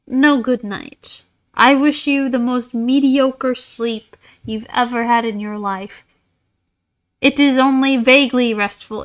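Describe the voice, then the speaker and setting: A woman's voice: on the high side, fairly bright tone. A young woman chatting casually while streaming a game, rambling, tired and sarcastic. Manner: rambling, self-mocking, sarcastic. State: tired, yawning.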